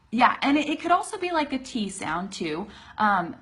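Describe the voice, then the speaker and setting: A woman teaching English pronunciation in a casual live-streamed lesson, talking straight to viewers and slowing down to demonstrate sounds. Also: medium pitch, lively intonation, a bit bright. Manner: talks to viewers directly, demonstrates sounds slowly, laughs easily. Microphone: phone or webcam for a live video stream.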